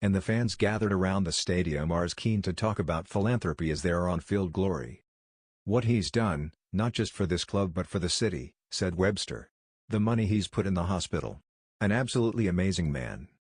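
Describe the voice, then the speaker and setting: Deep male news narrator, measured and solemn, dry studio read. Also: lively intonation, darkish tone, breathy edge, no room sound.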